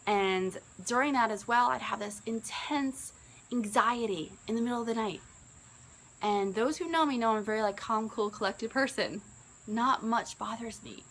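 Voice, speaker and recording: A business coach in her early forties recounts her own experience, sounding earnest and conversational and rising in tone when quoting herself. Her voice is a little high and fairly bright. The recording is low quality, with a touch of hiss or hum.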